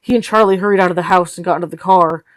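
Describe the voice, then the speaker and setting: A woman's voice: on the low side, steady tone, racing, no echo. Tired woman reading a novel aloud. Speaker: audiobook reader. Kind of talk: read-along narration of a novel.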